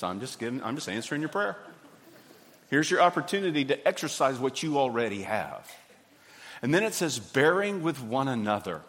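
A man, preaching a sermon in a folksy, animated way. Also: medium pitch. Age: 50s. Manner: folksy, animated, acts out little scenes. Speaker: pastor. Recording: hall reverb.

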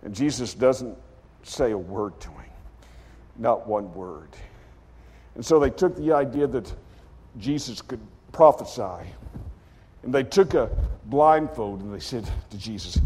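Dramatic preacher with an animated, husky voice. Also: male voice, medium pitch, unhurried, long pauses, in a large hall. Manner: acts out characters with sudden loud outbursts. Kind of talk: dramatic sermon storytelling.

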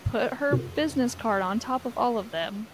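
A woman co-hosting a casual book chat, animated, acting out characters as she retells. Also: a little high, normal speed, a crowd in the background, low-quality recording. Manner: animated, acts out characters in quotes. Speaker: podcast co-host.

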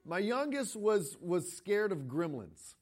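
High-voiced pastor preaching conversationally. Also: male voice, slow. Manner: conversational preaching with frequent repeated starts; animated storytelling, breaking into quoted voices. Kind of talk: sermon.

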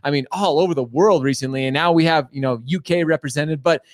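A man's voice: fairly high pitch, fast, no room sound, studio quality. A man hosting a live business show, talking with hype and rambling, filler-packed sentences. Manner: hyped, rambling, lots of fillers and restarts. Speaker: show host.

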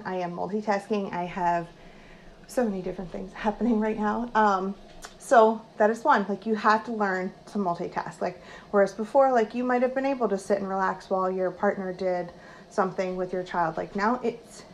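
A woman hosting her own podcast, talking casually from her home kitchen, with lots of likes and quick self-corrections. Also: mid-range voice, a little hiss or hum, low-quality recording. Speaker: podcast host and social worker.

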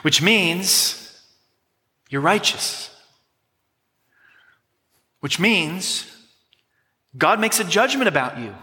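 A man's voice: high voice, expressive, extremely slow, long pauses, pushed and bright. Man, pastor, preaching a sermon, emphatic, teaching tone, ringing voice, echoing sanctuary. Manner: emphatic, teaching, drills words with the congregation. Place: church sanctuary. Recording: long hall reverb.

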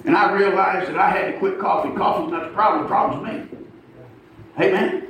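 A man with a high voice preaches a folksy, emphatic sermon, pausing for amens. He is recorded from far off in a very echoey church, with steady noise under his words. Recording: echoey hall from far off, noisy.

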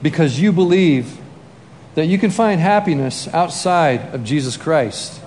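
Male preacher with a high voice, acting out the story with bursts of shouting; a reverberant hall. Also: a little slow, slight background noise. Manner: animated, acts out scenes with shouts and sound effects. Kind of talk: sermon storytelling. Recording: long reverb of a large hall, faint ambience.

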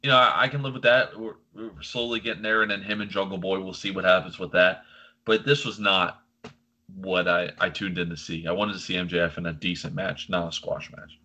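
A man's voice: low-pitched, fairly even intonation, a little fast, pushed and bright, poor audio. A man co-hosting a wrestling chat show, ranting casually with lots of filler words. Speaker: podcast co-host.

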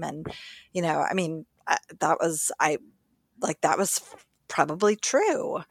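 A woman co-hosting a podcast in casual chat, quick to agree and chatty. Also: low voice, lively intonation, vocal fry, slightly rough, no room sound, clean studio sound. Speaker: podcast co-host.

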